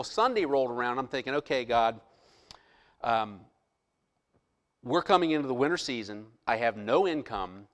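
A middle-aged man, a pastor, telling a personal story in a sermon, quoting others and dropping into a hushed voice for inner thoughts. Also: mid-range voice. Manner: animated storyteller, drops to hushed voice for quoted lines.

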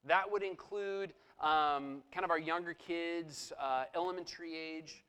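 Easygoing male pastor, fairly high voice. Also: measured pace, clean tone. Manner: relaxed, conversational, with frequent fillers. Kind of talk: sermon and church announcements.

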